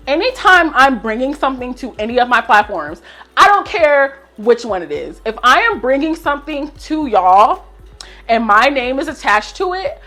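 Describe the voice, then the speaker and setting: A young woman vents a storytime grievance to her followers, her voice sitting a little high. She talks in animated bursts and swears freely. Quiet music plays faintly behind her. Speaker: vlogger. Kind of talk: storytime rant.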